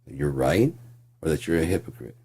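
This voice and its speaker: A man's voice: rumbling low, lively intonation, fairly quick, darkish tone, breathy edge. A man ranting in a casual, profane, sarcastic monologue as a channel host.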